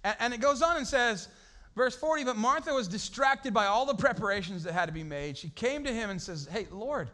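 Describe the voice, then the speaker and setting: A middle-aged man with a fairly high voice preaches as a pastor. He talks conversationally, lively and playful, and acts out the people in his stories in quick voices. It is a relaxed, chatty sermon.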